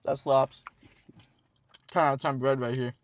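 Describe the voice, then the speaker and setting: A man's voice: medium pitch, fairly even intonation, measured pace. A man hosting a casual food review from inside a car, rambling and self-assured with a jokey streak.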